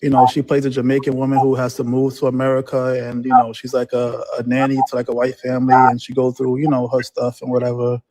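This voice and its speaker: A man's voice: mid-range voice, completely flat delivery, fast, few pauses, warm tone, a little hiss or hum. A man calling in to a talk show, rambling on with many fillers. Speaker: caller. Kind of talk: casual phone-in chat.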